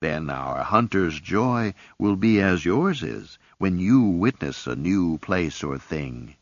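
A man's voice: low-pitched, big pitch swings, slow pace, no room sound, heavily acted. A man voicing a mantis-legged alien hunter leader with a stern, commanding manner. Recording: dull lo-fi cassette audiobook.

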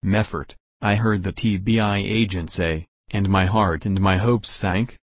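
Guy reading an audiobook, low voice, dead dry sound, steady pace. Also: a little slow, no echo. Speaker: audiobook narrator. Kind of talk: first-person audiobook narration.

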